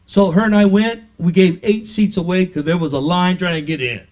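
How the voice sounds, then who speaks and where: On a dull, lo-fi recording, a male pastor gives a sermon testimony in a high voice, talking fast with few pauses. He shares a personal story with his congregation, performs the dialogue himself, and works up to fervent praise.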